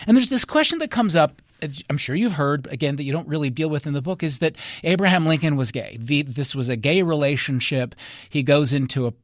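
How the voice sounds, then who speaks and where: A man's voice: on the high side, animated, fairly quick, no echo, studio quality. A man interviewing a guest on public radio, asking long searching questions with many fillers and restarts. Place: radio studio.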